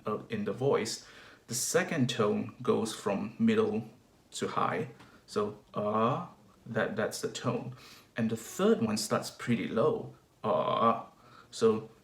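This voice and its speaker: Low-voiced Malaysian man teaching. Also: reverberant. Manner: explanatory, with hesitant restarts and spoken demonstrations. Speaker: singing diction teacher. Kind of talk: video lesson.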